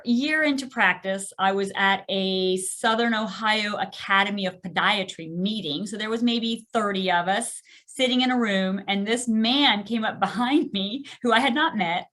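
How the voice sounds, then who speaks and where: A middle-aged woman, a podiatrist guest on a podcast, telling a candid story in an animated, self-deprecating way and laughing often. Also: medium pitch.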